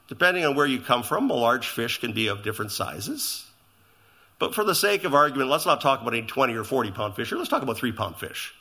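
A middle-aged male pastor delivering a sermon in a chatty, conversational way, turning to the congregation with asides and questions. His voice sits a little high and swings widely in pitch. The tone is bright and forward.

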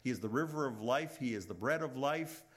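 A middle-aged male pastor preaching a sermon, swinging between loud emphatic rises and hushed, trailing low lines. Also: lively intonation, a little fast, breathy edge.

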